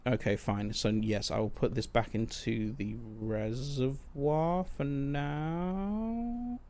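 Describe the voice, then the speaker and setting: Slow, musing male game streamer. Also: medium pitch, darkish tone. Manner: muttering, thinking aloud. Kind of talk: casual gameplay commentary.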